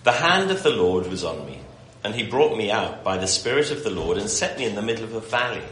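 A man's voice: fairly low pitch, very animated, a little fast, a bit bright. A man giving an informal Bible talk to a morning group, reading scripture aloud with a self-deprecating manner. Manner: self-deprecating, laughs while talking. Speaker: Bible teacher. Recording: echoey room with background noise.

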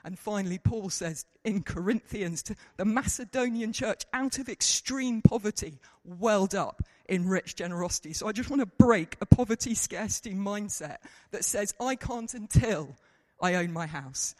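A man preaching a lively sermon to a congregation, joking at his own expense. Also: high-pitched, moderate pace, hardly any pauses. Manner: lively, self-mocking, mimics people in quotes. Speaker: pastor. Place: church hall. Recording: reverberant hall.

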